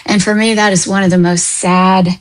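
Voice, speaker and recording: A woman guest who works as a counselor and coach, answering thoughtfully in a radio interview with soft hesitations. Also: mid-range voice, flat delivery, normal speed, poor audio.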